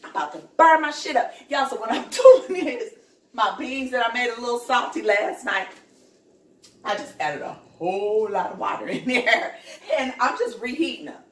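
A high-voiced woman vents her anger straight to her viewers, blunt and profane, calling them "y'all". She sounds set back from the mic, and her voice rings around an echoing home kitchen. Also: lively intonation, normal speed, distant mic. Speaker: vlogger. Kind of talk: heated rant to camera.

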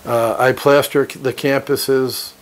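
A man's voice: medium pitch, level tone, unhurried. A man reading a book aloud and breaking off into brash, profane motivational commentary, laughing often. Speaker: reader and commentator.

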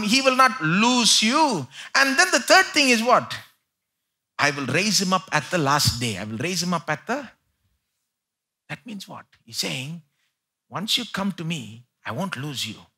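Indian-accented preacher with bright, husky voice. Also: male voice. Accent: Indian English. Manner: preaching with big swings between loud emphatic peaks and quiet low asides. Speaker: pastor. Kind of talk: live sermon. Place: church sanctuary, live.

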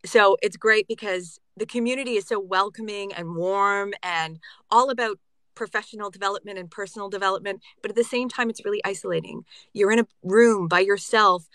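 Bright, animated woman voice actor. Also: medium pitch, fairly quick, no echo. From Canada. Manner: animated, earnest, laughs easily. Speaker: voice actor, guest. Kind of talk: casual panel chat.

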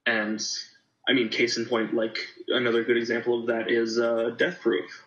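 A man's voice: medium pitch, completely flat delivery, normal speed, a bit bright, highs cut off. A man co-hosting a casual movie review podcast, rambling with many fillers and restarts. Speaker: podcast co-host.

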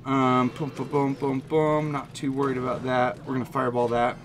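A man giving excited, jokey running commentary on his own mobile game, talking straight to his viewers. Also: mid-range voice, normal speed, crowd noise. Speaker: gaming channel host. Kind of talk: live gameplay commentary.

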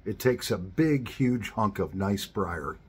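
A middle-aged man hosting a relaxed vlog as he smokes his pipe, murmuring slow, savoring remarks between puffs. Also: fairly low pitch, slightly rough. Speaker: pipe smoking channel host.

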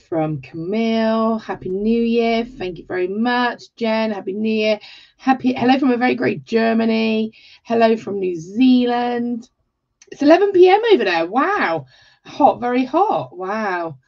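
An Englishwoman hosts a live jewellery tutorial, warm and chatty, greeting viewers by name and exclaiming often. Her voice is on the high side, slow and gravelly, heard through slightly dull livestream audio.

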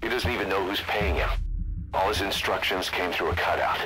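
An actor playing a gruff male mission commander speaking over a game radio in a steady briefing tone. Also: low voice, fairly quick, heavy background noise. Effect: radio transmission. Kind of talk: game voice acting.

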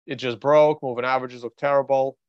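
This Russian trader hosts a casual market-commentary livestream, rambling and thinking aloud in a blunt, offhand way. His mid-range voice is clear and resonant, with little pitch movement and a brisk pace. There's no room sound, and the recording is dry and slightly dull.

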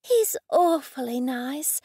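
A friendly young witch voiced by a woman reading an audiobook talks in a high, gentle voice. She takes her time and sounds patient and a little pleading. The recording is close and dry. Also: animated, dry recording, full character voice. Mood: earnest, gentle. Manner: gentle, slow and pleading, sometimes hushed.

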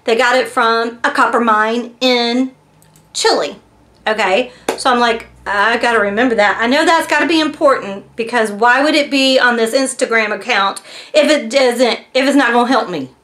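In a relaxed chat, this woman goes over a mystery box and recounts its backstory, dropping in many fillers. Her pitch is fairly high, her pace moderate, and her tone a little bright.

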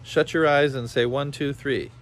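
A man's voice: mid-range voice, steady tone, moderate pace, slight background noise, pitched above the performer's own voice, natural voice. A man voicing a skeptical male cat in a storybook, wry and doubtful. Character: skeptical teasing tomcat, male.

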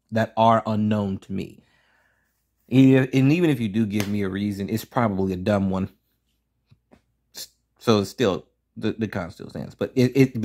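A man's voice: mid-range voice, darkish tone. A man reviewing a cartoon episode in a casual pros-and-cons video, blunt, profane and ranting. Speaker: show reviewer.

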